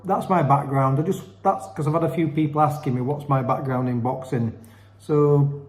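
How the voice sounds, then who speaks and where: A middle-aged man, a boxing coach, talking quickly in a rambling, self-deprecating way. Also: medium pitch, a little mellow, echoey room. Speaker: boxing coach and channel host. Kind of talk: casual solo monologue.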